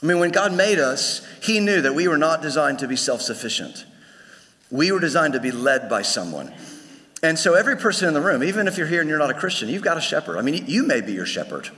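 A man's voice: a little high, big pitch swings, fast talker, sharp tone. Guy pastor preaching, chatty, keeps restarting lines, big echoey church sound. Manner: conversational preaching with repeated restarts. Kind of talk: sermon. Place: church sanctuary. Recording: long hall reverb.

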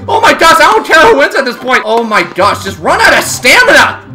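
A gaming channel host giving excited let's-play commentary and often yelling at the game. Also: high voice, brisk. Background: game music.

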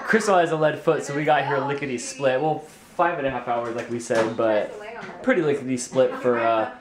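A man vlogging casually on a handheld camera in a family house, joking and teasing in quick banter. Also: medium pitch, steady tone, a crowd in the background. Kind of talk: casual vlog chat. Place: family house during the holidays.

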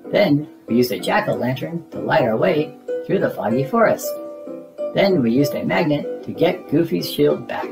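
A reader narrating children's picture books aloud in a lively storybook manner. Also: mid-range voice, vocal fry, music in the background, rough recording. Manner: slow, lively storybook reading.

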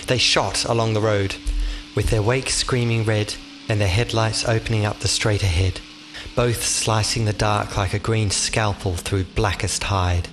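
A man's voice: on the low side, steady tone, over music. Man narrating an audiobook. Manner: measured, vivid storytelling.

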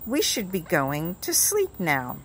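A woman voicing a kind, helpful male frog from a storybook, gentle and friendly. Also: fairly low pitch, wildly swooping pitch, slow, breathy edge, exaggerated voice.

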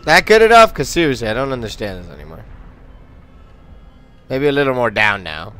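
A man's voice: medium pitch, big pitch swings, fairly quick, pushed and bright, faint music behind. A man commentating on his gameplay in a casual, frustrated and sarcastic way, swearing often. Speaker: let's play commentator.

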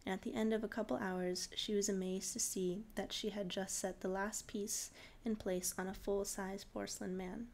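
A woman's voice: medium pitch, moderate pace, creaky, hardly any pauses. Woman casually reading a fairy tale. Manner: relaxed and informal, laughing off slips. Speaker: storyteller. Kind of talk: reading a short story aloud.

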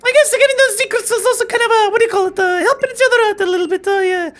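A woman reading a tough young female gang leader from a video game in a squeaky put-on falsetto, halting with fillers. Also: fairly bright tone, soft background music. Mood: earnest.

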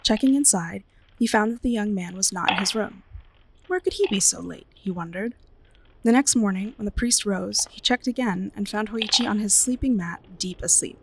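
Gravelly woman reading a ghost story. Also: medium pitch, moderate pace, slight background noise, low-quality recording. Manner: expressive, dramatic storytelling. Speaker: librarian.

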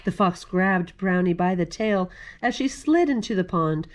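A woman reading a storybook aloud to children, gentle and expressive as a librarian at storytime. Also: on the low side, unhurried.

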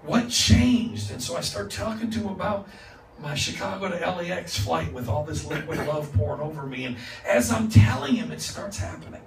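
A man's voice: on the high side, lively intonation, fairly quick, vocal fry, few pauses, soft background music. Storytelling male preacher in echoey church. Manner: conversational, acts out dialogue with laughs. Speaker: guest preacher. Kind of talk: storytelling sermon. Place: church sanctuary. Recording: echoey church from far off with noise.

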